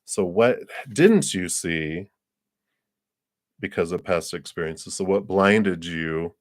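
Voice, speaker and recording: A man giving a live-streamed tarot card reading. He rambles in an unhurried way, with many fillers and soft laughs between thoughts. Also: low-pitched, no room sound, clean studio sound.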